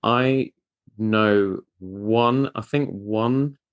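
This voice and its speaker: A British man hosts a relaxed interview in a very low, deep voice. The sound is dry and close, with no room echo. He talks with enthusiasm and pokes fun at himself. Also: drawn-out words, clear, resonant tone, highs cut off. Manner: enthusiastic, self-deprecating. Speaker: podcast host. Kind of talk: casual interview chat.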